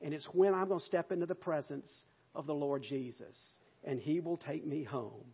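Husky guy preaching, punches words loud, kinda muffled lo-fi sound. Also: on the high side, normal speed. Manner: emphatic, rising to loud bursts for stress. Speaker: pastor. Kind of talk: sermon.

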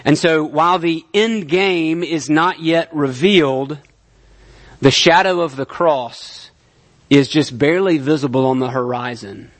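A male pastor giving a conversational sermon, often checking in with his listeners. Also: a little high. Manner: conversational, checks in with "right?" and "okay?".

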